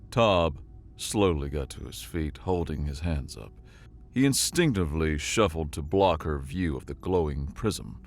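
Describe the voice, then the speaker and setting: A man narrates a science-fiction tale in a scripted, dramatic storyteller's delivery. His voice is low and deep. It rises and falls widely with the action. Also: animated, moderate pace.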